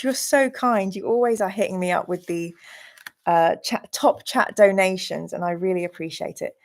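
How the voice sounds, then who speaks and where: A woman hosting a live game stream, gushingly thanking viewers and reading out their comments. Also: medium pitch.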